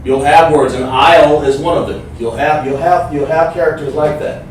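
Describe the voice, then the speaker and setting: A man teaching a livestreamed class, explaining slowly, repeating himself and sounding out letters. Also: a little high, fairly even intonation, distant mic. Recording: echoey room, voice from off the mic, faint noise.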